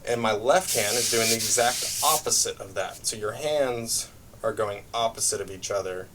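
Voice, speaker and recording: A man teaching a brush drumming lesson, explaining patterns step by step in a relaxed way with frequent fillers. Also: on the low side, moderate pace, background noise. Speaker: music teacher. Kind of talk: drum lesson demonstration.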